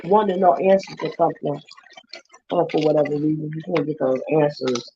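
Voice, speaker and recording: A woman vlogger, casually retelling a story with lively quoted voices. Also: low voice, fairly quick, highs cut off, slight background noise.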